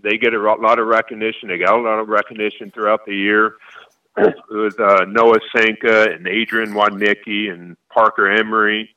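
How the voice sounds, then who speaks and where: A man in his forties, a high school football coach from Florida, answering interview questions in a rambling way with halting restarts. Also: level tone, bright, forceful tone, distant mic, highs cut off.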